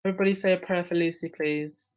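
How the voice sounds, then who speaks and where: A woman's voice: lowish voice, fairly even intonation, fast, darkish tone, poor audio. Chatty woman hosting a live chat. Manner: chatty, laughs often, addresses viewers by name. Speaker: livestream host reading chat. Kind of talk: casual live chat commentary.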